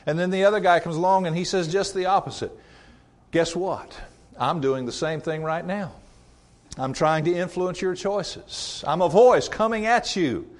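A man preaching a sermon in a conversational way, asking rhetorical questions and rising and dropping his voice for emphasis. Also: normal speed. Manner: varies pitch and loudness widely for emphasis.

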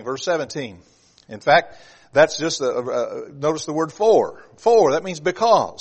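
A middle-aged man preaching a sermon in a fairly high voice. He starts calm and then rises to loud, emphatic points, often repeating a word as he restarts. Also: moderate pace, husky. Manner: repeats words when restarting.

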